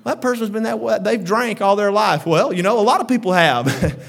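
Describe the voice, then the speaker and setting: A man preaching a fervent sermon, breaking into shouted exclamations and then dropping to quieter, chuckling asides. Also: high-pitched, normal speed, vocal fry.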